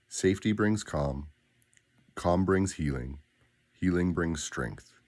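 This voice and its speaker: A man guiding listeners through spoken daily affirmations, with a slow, deliberate, grounded delivery and pauses between phrases. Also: sits low, expressive, darkish tone. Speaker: affirmation guide.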